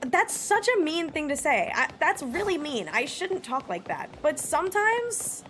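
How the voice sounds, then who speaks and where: A woman's voice: high voice, sing-song, a little slow, a bit bright, soft background music. A woman streamer chatting casually with her live chat, blunt, swearing freely and laughing often.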